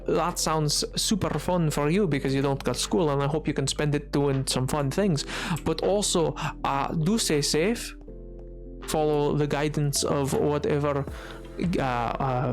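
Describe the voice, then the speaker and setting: A man streaming a game who chats quietly with his viewers, joking along in a playful put-on Scottish-Irish accent. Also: fairly high pitch, steady tone, measured pace, faint music behind. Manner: talking quietly, resting his voice. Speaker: Minecraft streamer. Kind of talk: casual livestream chat while gaming.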